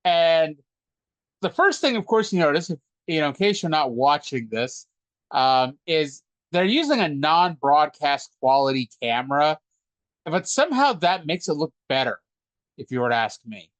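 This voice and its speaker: A man's voice: a little high, sing-song, normal speed, fairly bright tone, no room sound. A man co-hosting a wrestling podcast, joking and rambling in casual chat. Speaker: podcast co-host.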